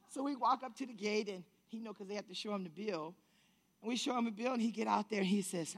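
A woman telling a story to an audience, acting out the people she quotes and rising to shouts at times. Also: fairly high pitch, fast talker, creaky.

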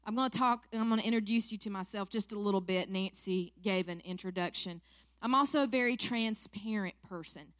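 A woman's voice: mid-range voice, brisk, a bit bright, dry recording. Earnest Southern woman with a dry sound. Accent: South Carolina Southern. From South Carolina, USA. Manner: emotional, earnest. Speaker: church staff minister. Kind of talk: prayer and personal testimony talk. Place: church.

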